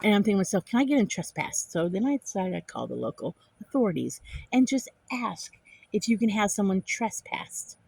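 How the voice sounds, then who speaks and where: A woman's voice: medium pitch, fairly quick, vocal fry, husky, no room sound. A middle-aged woman, telling an angry story to the camera in a casual vlog and repeating herself for emphasis. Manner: animated, indignant retelling with repeated phrases. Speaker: vlogger.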